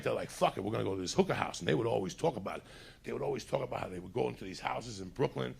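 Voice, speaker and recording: A male stand-up comic with a deeply gravelly voice, rambling through a crude story in loose, conversational talk. He slips into put-on voices to act out what other people said, sounding a little high. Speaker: stand-up comedian.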